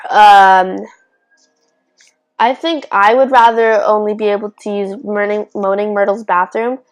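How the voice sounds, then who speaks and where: A young woman talking casually to her own vlog camera. She rambles and restarts mid-sentence, slipping in giggly little asides as she weighs silly fandom questions. Her voice sits at an ordinary middle pitch for a woman. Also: fairly even intonation, a little slow, faint music behind, poor audio. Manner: chatty, self-interrupting, giggly asides. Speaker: YouTuber. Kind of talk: casual would-you-rather vlog.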